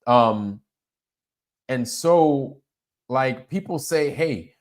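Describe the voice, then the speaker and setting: Casual animated man streaming live. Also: medium pitch, normal speed. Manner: animated, swearing, lots of filler phrases. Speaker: livestream host. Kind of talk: casual livestream talk.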